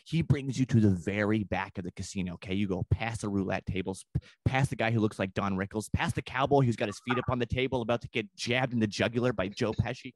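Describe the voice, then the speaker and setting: A man who is a comedian guest on a podcast, telling a long comic story in a rambling, profane way and slipping into quick put-on voices. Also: on the low side, no echo.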